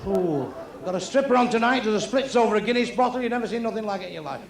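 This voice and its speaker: A male stand-up comedian, telling crude jokes bluntly and with deadpan timing. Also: high-pitched, quick pace, vocal fry. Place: comedy club with a live audience. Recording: echoey club recording with crowd noise.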